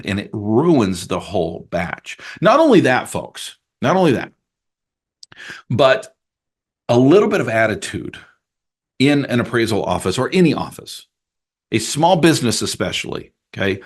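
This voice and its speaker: A middle-aged man hosting a podcast, telling a story with animated delivery, stumbling over repeated words and laughing at his own analogy. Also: on the low side. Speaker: podcast host and appraiser coach. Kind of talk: solo podcast monologue with sponsor reads.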